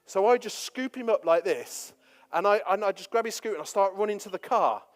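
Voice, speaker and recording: A fairly high-voiced man preaches in a loose, chatty way and pokes fun at himself as he tells his stories. The sound hangs in a reverberant church hall, and a long tail of echo follows every phrase. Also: animated, brisk. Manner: chatty, self-deprecating storytelling. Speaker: pastor. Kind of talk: storytelling sermon.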